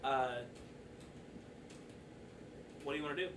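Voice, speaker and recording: A man's voice: mid-range voice, slow pace. A man narrating a tabletop game as dungeon master, loose and chatty with lots of fillers. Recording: echoey room, far from the mic, faint noise.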